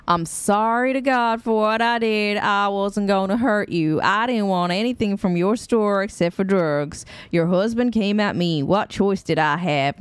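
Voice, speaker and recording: A woman's voice: fairly low pitch, clear, resonant tone, no echo, natural voice. A woman reading a video-game apology note aloud in a put-on Southern American accent, voicing a remorseful young thief. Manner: earnest, apologetic read-aloud.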